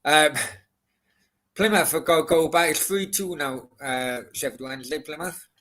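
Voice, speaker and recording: A man's voice: a little high, normal speed, a bit bright, slight background noise. Forty-something man reading out scores. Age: 40s. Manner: swearing, reads out scores in bursts. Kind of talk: casual football chat.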